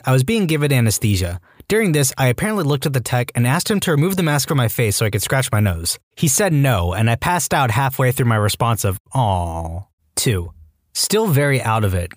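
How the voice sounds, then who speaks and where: A man's voice: medium pitch, no echo, studio quality. A man narrating a string of online stories aloud, acting out the quoted lines with animation. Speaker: story narrator.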